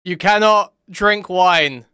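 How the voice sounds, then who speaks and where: A man talks over a clip he is reacting to, mocking and disbelieving in a casual way. His voice sits a little high and sounds bright and crisp. The sound is dry and close to the mic. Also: slow pace, no room sound. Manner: incredulous, laughing, mocking reactions. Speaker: commentary host reacting to a clip.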